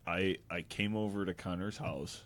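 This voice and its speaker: A man's voice: low-pitched, steady tone, normal speed. A young man chatting with friends on a podcast, telling a meandering story and laughing along the way. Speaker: podcast co-host. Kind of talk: casual chat among friends.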